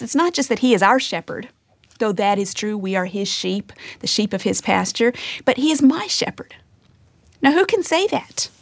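A woman teaching a sermon, earnest, often dropping to a hushed whisper to stress a point. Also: on the high side, no echo. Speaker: Bible teacher.

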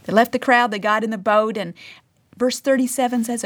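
A woman's voice: on the high side, fairly even intonation, brisk. Earnest woman teaching scripture. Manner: earnest, reads scripture aloud, drops to a hush for emphasis. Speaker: Bible teacher. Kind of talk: devotional teaching.

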